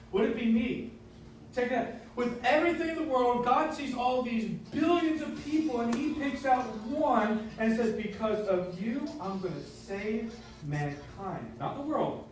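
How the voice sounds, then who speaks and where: A man preaching a casual, lively sermon, asking the congregation questions as he goes. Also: high-pitched, heavy reverb, recorded from a distance, a little hiss or hum, rough recording. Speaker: pastor. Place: church sanctuary.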